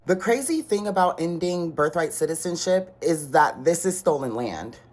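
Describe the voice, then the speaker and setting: A woman's voice: fairly low pitch, expressive, moderate pace, a little mellow. A woman giving exasperated, argumentative commentary and mocking the other side's words. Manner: exasperated, argumentative, mock-quoting opponents. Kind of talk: social media commentary.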